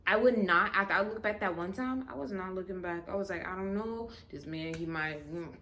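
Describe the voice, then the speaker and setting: A woman telling a story in a casual storytime video, expressive, swearing freely and acting out the people she quotes. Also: medium pitch, fairly quick, slight background noise.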